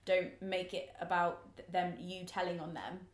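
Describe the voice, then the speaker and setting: A woman co-hosting a podcast, talking quickly and thoughtfully in casual chat. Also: on the low side, fairly even intonation. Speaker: podcast co-host. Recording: roomy echo.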